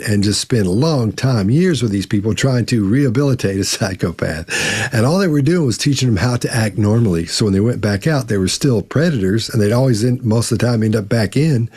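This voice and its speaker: A man's voice: on the low side, darkish tone, husky. A man co-hosting a live Q&A on body language, talking in a folksy way with many restarts. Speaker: co-host, body language expert. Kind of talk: live Q&A chat.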